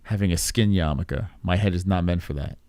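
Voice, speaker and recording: A man's voice: sits low, a little fast, darkish tone, no echo. A man in his thirties hosting a casual reaction stream, rambling with profane sarcasm. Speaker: podcast host.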